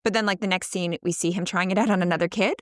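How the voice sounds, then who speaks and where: A woman's voice: fairly low pitch, steady tone, very fast, no room sound, clean studio sound. A woman co-hosting a podcast, chatting enthusiastically about a film, analyzing it and laughing often. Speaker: podcast co-host. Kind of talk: casual movie discussion.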